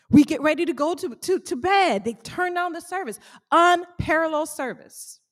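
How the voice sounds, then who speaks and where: A woman with a high voice delivers an energetic motivational talk to a room of business owners. She speaks as a small bakery owner and keeps calling out questions to the audience. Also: normal speed. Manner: animated, calls out questions to the audience.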